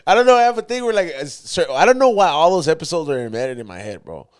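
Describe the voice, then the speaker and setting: A man's voice: on the high side, quick pace, clear, resonant tone. A man co-hosting a podcast, telling stories in loose, slangy casual chat. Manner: loose, slangy, animated storytelling. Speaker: podcast co-host.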